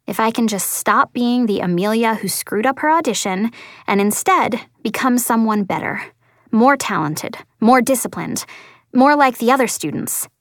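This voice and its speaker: A woman's voice: on the high side, animated, normal speed, no room sound, clean studio sound. A woman reading a first-person story as an audiobook narrator, earnest and lightly voicing the dialogue.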